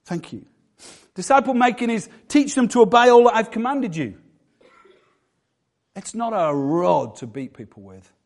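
A man's voice: high-pitched, animated, moderate pace, pauses often. A middle-aged man preaching a sermon as pastor, conversational and self-deprecating.

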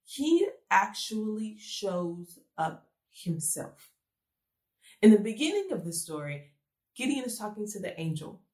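A woman's voice: mid-range voice, sing-song, unhurried, darkish tone. Earnest woman preaching in an echoey room. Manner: earnest, conversational, full of rhetorical questions. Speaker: speaker giving a devotional message. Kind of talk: conversational sermon.

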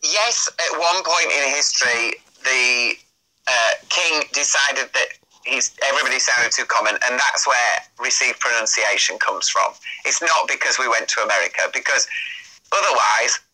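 A man's voice: medium pitch, moderate pace, pushed and bright, rough recording. A man chatting as an interview guest, rambling with many fillers and restarts. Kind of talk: casual interview chat.

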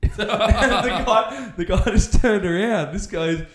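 A young Australian man co-hosting a podcast, telling jokey stories in a casual, animated way. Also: sits high, slow pace. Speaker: podcast co-host. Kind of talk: casual chat, storytelling. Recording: echoey room.

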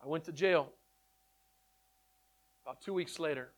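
A man telling his testimony in an animated storytelling way, excitable and repeating words in quick bursts. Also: fairly high pitch. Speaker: speaker sharing his testimony.

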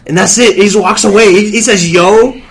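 A young man on a podcast telling a long story with lots of laughter, quoting people in a lower mutter. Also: quick pace. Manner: animated, laughing storyteller, drops into low mutters when quoting. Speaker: podcast co-host. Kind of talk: casual storytelling chat.

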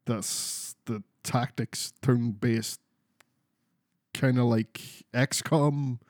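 A man's voice: medium pitch, fairly even intonation, very slow, a little mellow, no room sound, clean studio sound. A man chatting casually about video games as a podcast co-host, rambling and swearing freely. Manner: sweary, rambling, restarts a lot.

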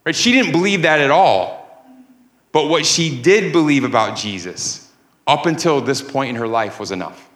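A man's voice: a little high, expressive, normal speed, fairly bright tone. A man preaching a sermon as pastor, emphatic, with rising and falling cadence. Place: church sanctuary. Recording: echoey church room.

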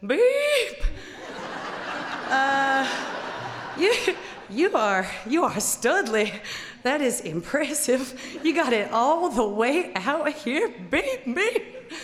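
A woman voicing a huge, rough-talking rural man who is friendly and curses constantly, with each curse bleeped out as "beep". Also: high-pitched, sing-song, very slow, big-room sound, a little hiss or hum, pitched above the performer's own voice, exaggerated voice. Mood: impressed. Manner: loud, drawling, every curse replaced by "beep".

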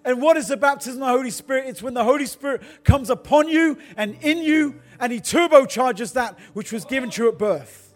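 A man's voice: very high-pitched, animated, brisk, hardly any pauses. A middle-aged male pastor preaching a sermon, telling personal stories and building to fervent calls to repent. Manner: storytelling, then builds to fervent exhortation.

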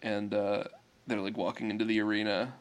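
A man chatting casually about a cartoon episode, rambling with lots of fillers and acting out quick quotes. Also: on the low side. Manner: rambling, many fillers, animated acted quotes.

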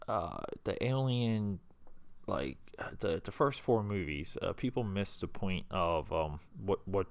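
A man's voice: deep voice, dry recording. A man hosting a casual solo chat show, rambling and hesitant, with many fillers and restarts, sounding a little hungover. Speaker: podcast host.

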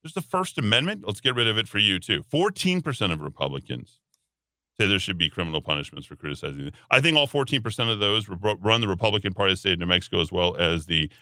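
A man hosting a talk radio show, giving opinionated commentary in an animated, sarcastic, rambling way. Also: fairly low pitch, fast talker, no room sound. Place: radio studio.

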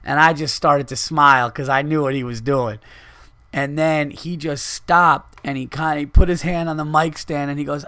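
A man's voice: on the high side, fairly even intonation, normal speed, pushed and bright, clear, resonant tone, no room sound. A man, a comedian hosting his podcast, telling a rambling, profane story in a casual monologue.

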